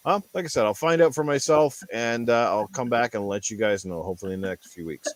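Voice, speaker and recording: Rough-throated man hosting a gaming show. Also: mid-range voice, fast, few pauses. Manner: rambling, easygoing, reads chat aloud. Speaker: gaming podcast host. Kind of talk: casual live-stream chat.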